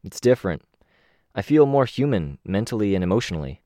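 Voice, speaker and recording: A man voicing a calm, reflective young man in an audiobook, speaking slowly and thoughtfully. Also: lowish voice, dry recording, studio quality.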